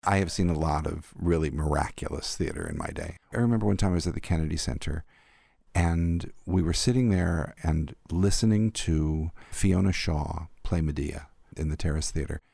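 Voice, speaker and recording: An older man, an arts critic, recalling theater memories in a thoughtful, animated interview. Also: rumbling low, moderate pace, gravelly, husky, no room sound, clean studio sound. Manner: thoughtful, warmly animated storyteller. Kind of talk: reflective storytelling in an interview.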